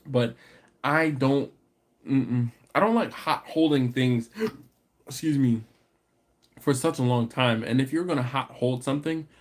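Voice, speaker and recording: A man hosting a barbecue channel's live stream, chatting casually and answering viewer comments, animated and laughing, climbing into exasperated rants. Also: medium pitch, measured pace, pauses often.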